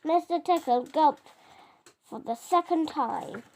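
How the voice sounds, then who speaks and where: A child reading a picture book aloud, halting and often stumbling over words and correcting itself. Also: high-pitched, a little mellow. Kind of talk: storybook reading.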